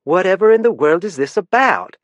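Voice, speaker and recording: A man's voice: high voice, very animated, fairly quick, no echo, highs cut off, pitched above the performer's own voice. A male narrator voicing an older, indignant woman with a twangy voice in an audiobook.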